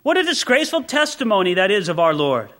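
Male preacher, high bright voice, impassioned sermon delivery. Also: sing-song, fast talker. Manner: impassioned, swings between loud exclamation and quiet intensity. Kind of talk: expository sermon.

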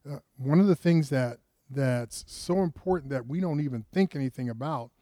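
A man's voice: medium pitch, moderate pace, warm tone, no echo, clean studio sound. A man preaching a sermon, retelling a story conversationally with rhetorical questions and frequent restarts. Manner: frequent restarts, rises with emphasis.

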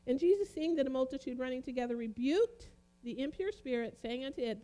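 A woman preaching a sermon, reading Bible passages aloud and explaining them with emphatic, dramatic pauses. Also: high voice, animated, dark tone.

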